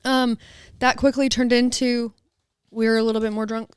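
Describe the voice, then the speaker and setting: A woman's voice: on the high side, normal speed, clean tone, dry recording. A woman co-hosting a podcast, telling a funny story in a casual chat, acting out quotes and saying "dude" and "like" a lot. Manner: animated storyteller, acts out quotes. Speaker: podcast co-host.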